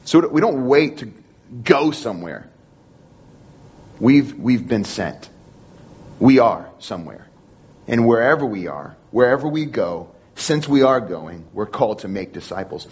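A man's voice: mid-range voice, sing-song, unhurried, a little mellow, slightly rough, lo-fi sound. Earnest man preaching a sermon. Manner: earnest, repetitive phrasing with frequent restarts. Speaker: pastor.

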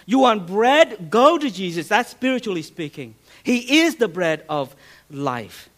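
A man's voice: sits high, very animated, unhurried, a bit bright. A man preaching a sermon as a pastor, earnest, with restarts and a voice that rises and falls for emphasis.

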